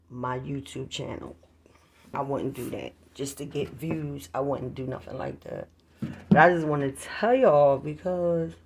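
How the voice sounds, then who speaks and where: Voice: medium pitch, vocal fry, darkish tone, a little hiss or hum. A vlogger recording at home on a handheld phone, talking casually to viewers in a rambling, profane way and calling them y'all. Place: at home, near a street.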